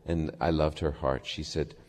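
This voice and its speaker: Low voiced guy, guest on a radio show, thoughtful storytelling, lots of reverb. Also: level tone, moderate pace, darkish tone. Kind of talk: conversational radio interview.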